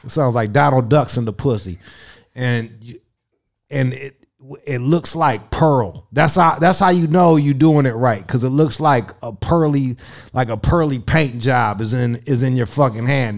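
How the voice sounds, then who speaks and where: A swaggering man tells crude stories in a casual, rambling way, swearing constantly. His voice sits at a middle pitch, and his delivery is loose and unfiltered. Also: normal speed, a little mellow. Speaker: radio personality, interview guest.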